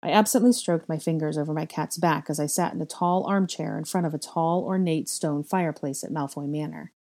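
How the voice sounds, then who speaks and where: A woman narrating fan fiction as an audiobook in a steady, measured reading voice. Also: low-pitched. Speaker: fanfiction reader.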